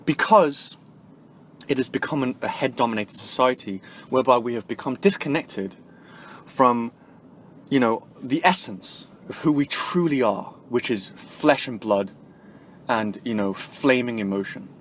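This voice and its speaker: A man venting in a vlog, rambling and swearing, full of fillers, swinging from quiet musing to loud angry bursts. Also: medium pitch, a little slow, slight background noise. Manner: rambling, profane, with constant "you know" and "right?" fillers. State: angry and frustrated. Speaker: vlogger. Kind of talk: emotional vlog rant.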